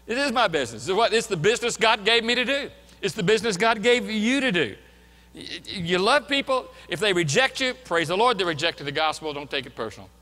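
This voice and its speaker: A man's voice: high-pitched, expressive, fairly quick, pushed and bright, in a large hall. A man preaching a sermon as a pastor, earnest and emphatic, repeating his key points. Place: church sanctuary.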